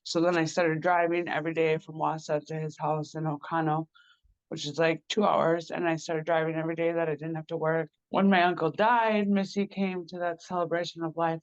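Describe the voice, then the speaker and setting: A woman's voice: low-pitched, dry recording, highs cut off. Woman telling a raw family story. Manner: rambling, repeats "like" and "blah, blah, blah". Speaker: interviewee, victim's sister. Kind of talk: emotional personal account.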